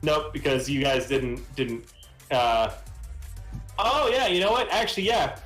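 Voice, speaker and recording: A man's voice: a little high, expressive, a little slow, a bit bright, soft background music. Man running a tabletop game, echoey room. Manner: rambling, many fillers and restarts. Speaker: game master.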